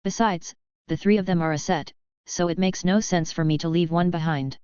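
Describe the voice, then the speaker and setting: A confident young male hero, read out by a woman speaks in a dry, unbothered, matter-of-fact way. The voice is low-set and very smooth. Heard in a dry, close audiobook recording with a slightly dull top end. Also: fairly even intonation, normal speed, a little mellow, no room sound, lightly acted. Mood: wry. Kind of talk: audiobook character voice.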